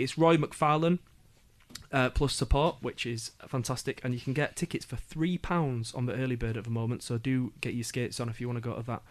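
A man's voice: a little high, a bit bright. A man with a Yorkshire accent presenting a radio roundup of poetry events, chatty with jokey asides and frequent ums. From Yorkshire, England. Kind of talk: casual radio event listings.

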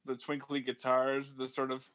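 A man's voice: mid-range voice, completely flat delivery, normal speed, a bit bright. A man co-hosting a podcast, chatting casually and enthusiastically, with plenty of fillers and swearing. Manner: rambling, enthusiastic, swears often, many fillers. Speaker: podcast co-host. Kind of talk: casual chat.

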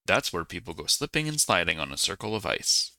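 A man voicing a chatty, excited girl snowflake in a storybook. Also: sits low, a little fast, no echo, studio quality, heavily acted.

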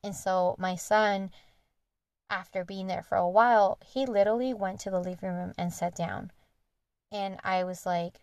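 A woman's voice: medium pitch, steady tone, normal speed, a little mellow, smooth, no echo. A young woman hosting a podcast, candidly retelling a personal story in an earnest, conversational monologue. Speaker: podcast host.

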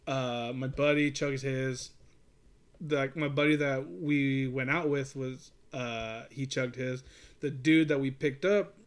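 A man in relaxed casual conversation tells a long, rambling story, peppered with curses and laughs. His voice sits at a middling pitch. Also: slow. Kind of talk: casual chat.

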